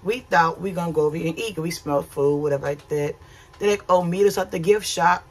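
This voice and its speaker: A woman's voice: on the low side, fast talker, husky. A woman talking casually to her camera for a travel vlog, candid and chatty, filming outdoors and then aboard a ship. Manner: chatty, candid, uses y'all. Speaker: cruise vlogger.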